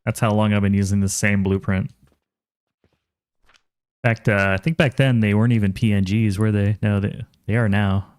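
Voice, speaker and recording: A man's voice: on the low side, fairly even intonation, moderate pace, pauses often, a little mellow, clean tone, no echo, clean studio sound. A man casually commentating on a game while streaming, chatty, thinking aloud and reading chat aloud.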